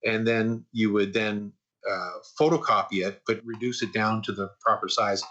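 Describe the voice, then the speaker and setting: This sixties-aged animation artist, appearing as a podcast guest, talks at a normal speed in a somewhat low voice over dull-sounding audio. He spins easygoing career anecdotes, frequently saying "uh" and repeating himself.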